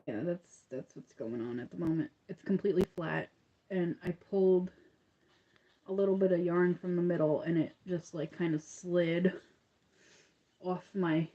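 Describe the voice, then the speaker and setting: A woman's voice: lowish voice, highs cut off. A young woman with an upstate New York accent, chatting casually and rambling while she crochets on a livestream. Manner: rambling, chatty, laughs often, many fillers.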